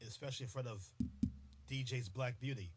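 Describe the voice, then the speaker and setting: A man's voice: mid-range voice, brisk, breathy edge. A man hosting a live podcast, chatting playfully with commenters and often breaking into giggles. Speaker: podcast host. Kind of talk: casual live-stream chat.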